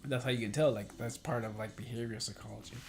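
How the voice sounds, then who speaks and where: Young guy rambling on a podcast, swears constantly, lots of like and um, mid-pitched voice. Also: fairly even intonation, fast, vocal fry, a little hiss or hum. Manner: rambling, swears a lot, many fillers; acts out quoted talk with a livelier voice. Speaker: podcast host. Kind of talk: casual chat.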